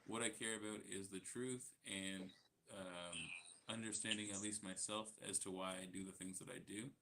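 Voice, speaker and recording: A man's voice: lowish voice, steady tone, normal speed, bright, forceful tone, a little hiss or hum. A man in a heated casual debate, talking bluntly and swearing freely. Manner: blunt and profane. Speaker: debate participant.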